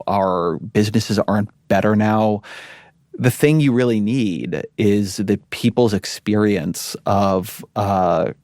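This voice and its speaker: Thoughtful male guest, low voice. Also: a little mellow, dry recording, studio quality. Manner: thoughtful, measured, with restarts. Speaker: guest, media executive. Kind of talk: interview conversation.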